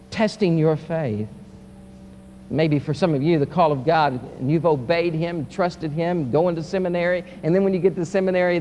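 A male pastor preaching a sermon, swinging from loud, impassioned peaks to quiet, soft passages. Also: on the high side. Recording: reverberant hall with faint hum.

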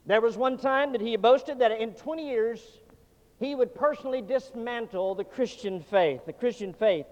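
A man preaching with a high-pitched voice, dramatic and sweeping from loud declarations down to near-hushed lines. The sound is dull and lo-fi, and his words ring out with the long reverb of a church sanctuary. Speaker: pastor. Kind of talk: sermon.

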